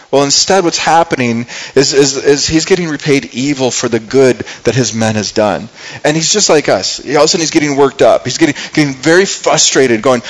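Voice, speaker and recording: A man's voice: mid-range voice, a little fast, poor audio. A man preaching a sermon in an earnest, conversational way, often repeating words and acting out the lines he quotes. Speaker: pastor.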